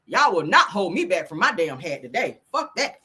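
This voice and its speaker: A woman's voice: fairly low pitch, very animated, normal speed, pushed and bright, husky. A woman hosting a casual celebrity gossip livestream, sassy and profane, laughing often and talking straight to her viewers.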